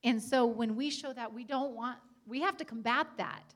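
Woman, church guest speaker, gentle and earnest, slightly higher voice. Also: moderate pace. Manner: earnest, warm, gentle with frequent fillers. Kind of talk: church talk on etiquette.

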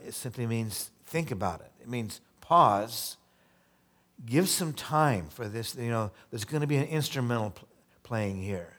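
Man preaching a conversational sermon. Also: mid-range voice. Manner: reads scripture slowly, then explains in casual asides; conversational, repeats words and restarts. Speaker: pastor.

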